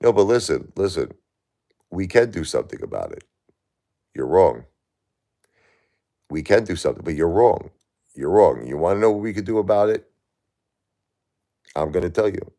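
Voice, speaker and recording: Very deep gravelly grieving man. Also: big pitch swings, a little fast, long pauses, mellow. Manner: impassioned, repetitive, arguing with a chat viewer. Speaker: livestream host. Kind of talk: emotional livestream chat.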